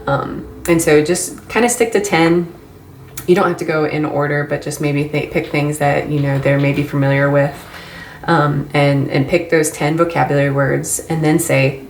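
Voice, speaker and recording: A woman training volunteer English mentors in a relaxed, chatty way, with frequent ums and light laughs. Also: low-pitched, normal speed. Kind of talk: casual instructional talk. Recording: echoey room, faint ambience.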